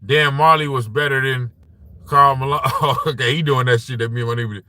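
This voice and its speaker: Male sports-stream host, bright and forceful, heated and profane, close dry mic. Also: mid-range voice, a little fast, dry recording. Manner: animated, profane, frequent "you know what I'm saying". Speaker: sports show host reading live chat. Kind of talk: casual live-stream sports talk.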